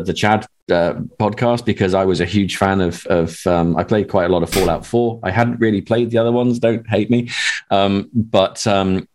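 A man's voice: on the low side, a little mellow. A man who wrote the script, talking casually and hesitantly as a guest, with many ums and restarts. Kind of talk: casual panel talk.

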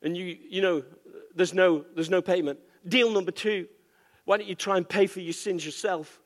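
Pastor preaching in an echoey hall. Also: male voice, high-pitched, moderate pace. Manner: animated, playful, call-and-response. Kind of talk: sermon.

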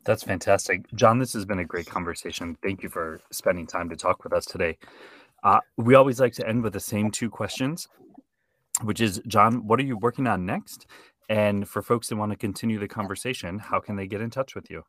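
A man with a lowish voice runs the close of a podcast interview. He thanks the guest and asks his set questions in a polite, friendly way. The sound is dry and close. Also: steady tone, fairly quick, a bit bright, dry recording. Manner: polite, friendly, scripted closing. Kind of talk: wrapping up an interview.

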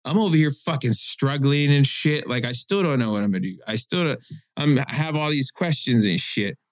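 A man's voice: mid-range voice, animated, brisk, dry recording. A man in his thirties, a guest on a casual podcast, talking bluntly and profanely about frustrations at work. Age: 30s. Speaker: guest, tattoo shop counter worker. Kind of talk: casual chat.

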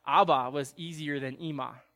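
A man's voice: fairly high pitch, steady tone, normal speed, a bit bright. A young man preaching an earnest sermon as a pastor, his voice carried by a long church reverb. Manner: earnest, builds to pleading intensity.

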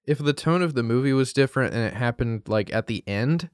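A laid-back man talking casually about a movie, his speech full of "like"s and hedges. The room sounds dry and close, and his voice sits at an ordinary middle pitch. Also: animated, fairly quick, smooth, no room sound. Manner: laid-back, hedging with many "like"s.

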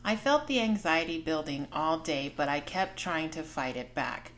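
Podcast host, woman, 40s; candid personal storytelling, slightly low pitch, frank. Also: lively intonation, normal speed, a bit bright, a little hiss or hum.

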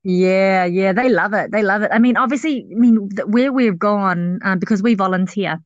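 A woman's voice: mid-range voice, normal speed, no echo. Chatty Kiwi woman on a dull call. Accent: New Zealand. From New Zealand. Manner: chatty, many fillers and restarts. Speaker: podcast guest. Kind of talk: casual interview chat.

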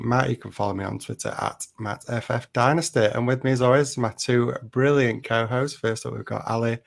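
A man hosting a sports podcast in a relaxed, chatty way. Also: medium pitch, creaky. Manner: relaxed, chatty, with frequent restarts and laughs. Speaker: podcast host. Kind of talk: casual podcast chat.

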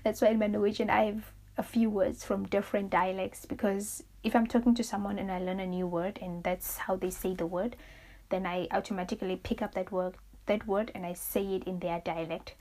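A young adult woman hosting a reflective solo podcast, rambling through her thoughts, searching for words and growing animated as she recounts stories. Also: mid-range voice, a little fast. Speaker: podcast host.

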